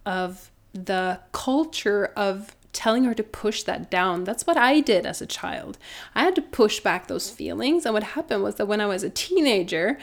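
Woman, thirties, earnest, reflective, restarts her sentences, mid-pitched voice. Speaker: guest, mother and doula. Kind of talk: personal storytelling in conversation.

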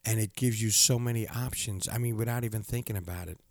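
A man's voice: lowish voice, quick pace, gravelly, no room sound. An older man hosting a motivational podcast alone, giggling often and repeating his phrases as he talks into a studio microphone. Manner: giggly, warm-hearted, repeats himself. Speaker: podcast host. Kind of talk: casual motivational monologue.

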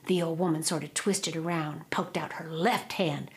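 A woman, telling an old folk tale in a drawling, expressive oral style. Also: low-pitched, moderate pace, hardly any pauses. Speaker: storyteller.

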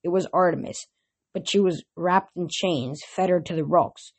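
A woman narrating a novel aloud in a plain, steady reading voice. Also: lowish voice, moderate pace, slightly rough.

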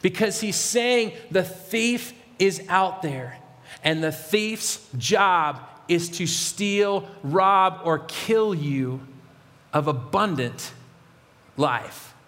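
A man with a notably high voice preaches a sermon, earnest and emphatic as he addresses his congregation. His words ring out with a long reverb, as if in a large hall. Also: animated, drawn-out words, a bit bright. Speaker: pastor.

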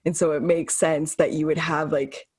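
Husky low-voiced woman, reflective. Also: flat delivery, moderate pace, a little mellow. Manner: reflective, speaks in spiritual terms. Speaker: podcast co-host. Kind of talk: casual chat.

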